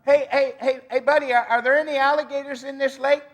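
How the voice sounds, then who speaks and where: A panicky male tourist, stranded in a lake, shouts nervously in a high, raised voice, as a storyteller puts him on. He yelps his questions up toward the shore. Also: little pitch movement, fairly quick.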